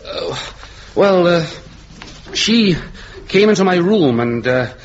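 An actor playing a shy, hesitant young man in a radio comedy, halting over his words. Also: high-pitched, animated. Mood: sheepish. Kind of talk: 1950s radio comedy acting. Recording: muffled old broadcast with faint hiss.

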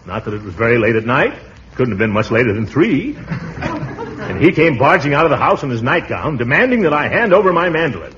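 A man's voice: mid-range voice, big pitch swings, fairly quick. Blustery, pompous man on old radio. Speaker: uncle, lead comic character. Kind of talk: 1940s radio acting. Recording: dull noisy old radio recording.

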